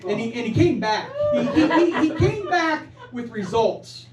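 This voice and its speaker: A man's voice: very high-pitched, sing-song, measured pace, a crowd in the background. A man performing a stand-up comedy set in a small club, stammering and repeating words in a self-mocking way, with the audience laughing behind him. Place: small improv club stage. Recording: roomy live club sound from far off.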